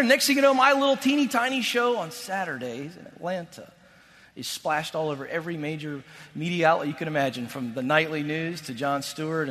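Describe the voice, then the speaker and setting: High bright male speaker, emphatic faith talk, repeats lines, long hall echo. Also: slight background noise. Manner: emphatic, repeats key phrases, swings from loud to hushed. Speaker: motivational speaker. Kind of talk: faith-based motivational talk.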